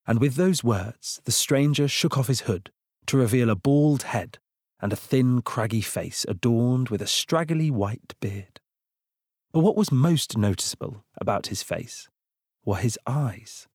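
A man reads a storybook aloud in a slow, expressive way. His voice is low and husky, with a lively, animated pitch. The sound is dry and close to the mic. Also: dry recording. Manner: expressive, unhurried reading. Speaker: audiobook narrator. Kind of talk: storybook narration.

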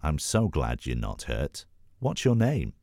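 A man's voice: a bass voice, huge pitch swings, measured pace, gravelly, a little mellow, no echo, studio quality, exaggerated voice. A man voicing a hesitant young male gorilla prince who stammers, in a storybook reading. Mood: caring.

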